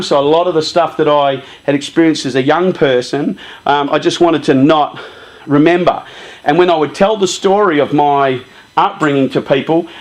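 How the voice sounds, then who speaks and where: A man giving a casual, lively talk to a youth group, often saying "you know" and "um". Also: fairly high pitch.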